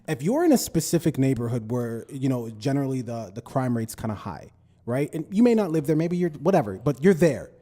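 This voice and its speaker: Mellow-voiced male podcast host. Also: mid-range voice, very animated, fairly quick. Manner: asks questions, tells personal stories. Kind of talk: casual conversation.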